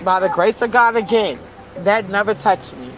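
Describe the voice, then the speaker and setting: A woman from Brooklyn, New York, with a mid-range voice speaks at normal speed over faint music on poor audio. As an interview guest she tells her hard life story candidly and emotionally, in blunt street-style speech.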